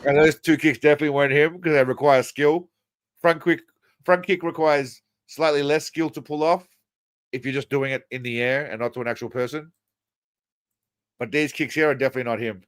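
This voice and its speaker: A man's voice: a little high, fairly even intonation, fairly quick, slight background noise. A man hosting a casual livestream, commenting on clips in a crude, mocking, rambling way. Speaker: livestream host.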